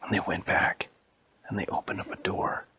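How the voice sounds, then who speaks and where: A man telling a made-up spooky story to a child, switching into high squeaky voices for characters and dropping to a whisper at scary moments. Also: normal speed, bright, forceful tone, a little hiss or hum. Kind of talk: improvised bedtime-style story for a child.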